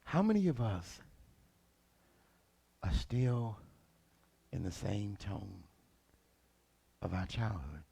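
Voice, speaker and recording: Man, lead pastor, sermon, colloquial, gravelly voice, lively pitch. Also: takes it slowly, pauses often. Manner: animated, colloquial, acts out characters.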